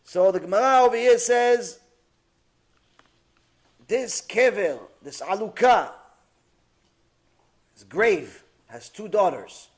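A rabbi giving a Torah lecture, animated and acting out the quotes he tells. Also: high-pitched, slow, long pauses. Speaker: rabbi teaching.

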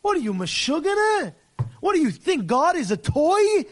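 A man's voice: very high voice, measured pace. A man, a rabbi, preaching a fiery sermon, scolding with rhetorical questions and scattering Hebrew and Yiddish religious terms through his English. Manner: animated and scolding, with rhetorical questions and acted-out dialogue.

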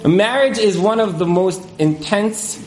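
A man speaking as a marriage counselor in a casual interview, animated, with many fillers, and acting out the couples he quotes. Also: high voice, measured pace, echoey room, a little hiss or hum, poor audio.

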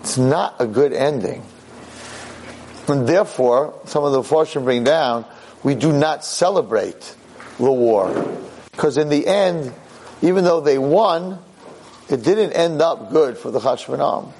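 A man giving a Torah lecture as a rabbi, impassioned, dropping low and grave then rising into sharp outbursts. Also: animated, unhurried, slight background noise.

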